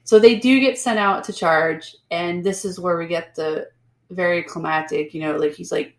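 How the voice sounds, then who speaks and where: A woman's voice: on the low side, steady tone, moderate pace. Chatty woman in an echoey room. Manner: chatty, peppered with "like", acts out characters. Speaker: podcast co-host. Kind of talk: casual book-club chat.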